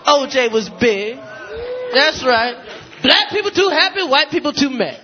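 A man doing a stand-up comedy routine on stage, loud and profane, shouting his punchlines. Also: very high-pitched, big pitch swings, measured pace. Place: comedy stage before a live audience. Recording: dull live recording with loud crowd. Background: audience laughter and crowd noise.

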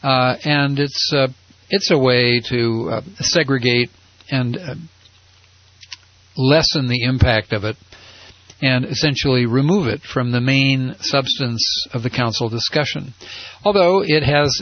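A man hosting a radio show, talking casually with many pauses and fillers. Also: medium pitch, no echo. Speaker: radio host. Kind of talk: casual commentary. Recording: dry, dull lo-fi.

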